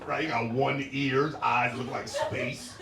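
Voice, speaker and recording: A man doing a stand-up set, animated and jumping into high-pitched impressions of women, with crowd work. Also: a little slow, gravelly. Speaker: stand-up comedian. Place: comedy club stage. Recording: roomy live club sound heard from a distance. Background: laughing audience.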